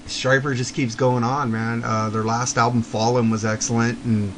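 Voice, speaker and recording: A man co-hosting a casual talk show about rock albums, chatty and quick to laugh. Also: mid-range voice, level tone, a little hiss or hum, poor audio. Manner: chatty, laughs often, quotes people in passing. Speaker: podcast co-host.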